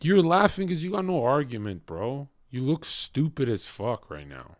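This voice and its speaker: A man's voice: medium pitch, big pitch swings, normal speed, dry recording. A man live streaming, ranting angrily and hurling mocking, profane insults at a viewer in chat. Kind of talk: angry rant at a chat viewer.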